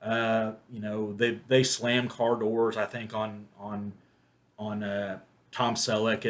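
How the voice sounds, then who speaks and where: A man's voice: on the low side, a bit bright. Rambling man reviewing a movie. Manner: rambling, many restarts and fillers. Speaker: film reviewer. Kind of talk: casual spoken movie review.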